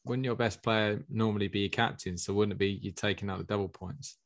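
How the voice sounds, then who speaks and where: Guy with a lowish voice hosting a chill podcast, playful, reads out questions. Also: fairly even intonation, fairly quick. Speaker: podcast host. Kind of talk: casual chat about fantasy football.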